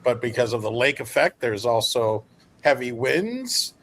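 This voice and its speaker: A man's voice: medium pitch, very animated, measured pace, fairly bright tone. Comedian guy on a podcast panel, joking around. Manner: joking, playful asides. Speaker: actor and comedian guest. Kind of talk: casual panel chat.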